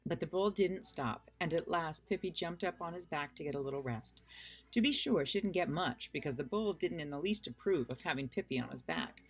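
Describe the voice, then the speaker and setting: A woman reading a children's book aloud in an unhurried, friendly storytelling manner, with casual asides. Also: low-pitched, expressive. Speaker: reader.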